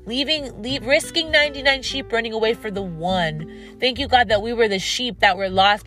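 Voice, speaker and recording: A woman hosts a devotional podcast, preaching earnestly and stacking up repeated phrases for emphasis. Her voice sits at an ordinary middle pitch. Soft music plays faintly underneath her. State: tired and dry-mouthed. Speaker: podcast host. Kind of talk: devotional talk and prayer.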